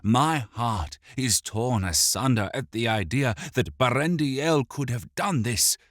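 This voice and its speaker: A man's voice: mid-range voice, expressive, no room sound, clean studio sound, pitched above the performer's own voice. A man voicing a stern, commanding elven steward. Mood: grave. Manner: measured, grave, commanding.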